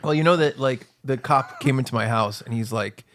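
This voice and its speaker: A man co-hosting a loose comedy podcast, his pitch sitting in an ordinary middle range. He tells stories with energy and slips into quieter quoted asides. The talk is loose and full of restarts. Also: fairly quick. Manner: animated storyteller, drops to hushed tones for quoted lines. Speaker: podcast co-host. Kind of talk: casual storytelling chat.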